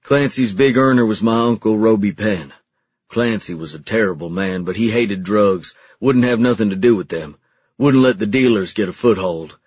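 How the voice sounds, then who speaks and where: A man with a low, slightly husky voice reads a novel aloud at an even, low-key pace. The recording is dry and somewhat muffled, with little room sound. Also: normal speed, no echo. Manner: steady, low-key reading with quieter, lower-pitched dialogue voices. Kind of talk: audiobook narration.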